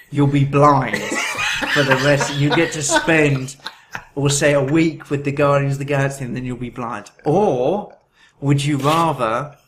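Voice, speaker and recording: A man's voice: medium pitch, a bit bright. A man co-hosting a podcast, chatting casually and rambling, correcting himself as he goes. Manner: rambling, self-correcting, laughs while telling. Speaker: podcast co-host. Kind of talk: casual chat.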